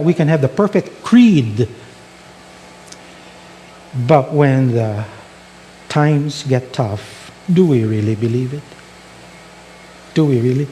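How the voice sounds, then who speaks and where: A man's voice: medium pitch, animated, takes it slowly, pauses often, mellow, slight background noise. A male pastor preaching a sermon, telling stories and asking rhetorical questions.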